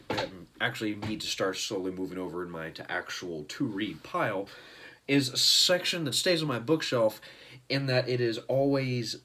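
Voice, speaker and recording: American man, low-leaning voice, eager off-the-cuff show host who trips over words. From United States. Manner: excitable, rambling, trips over words and corrects himself. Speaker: comic book reviewer, show host. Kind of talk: casual talk to camera.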